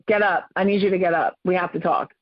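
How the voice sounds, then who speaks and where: A woman voicing her calm, unbothered eleven-year-old daughter, speaking in a flat, matter-of-fact way on a dull, dry recording. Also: fairly low pitch, fast, no echo, close to an everyday voice.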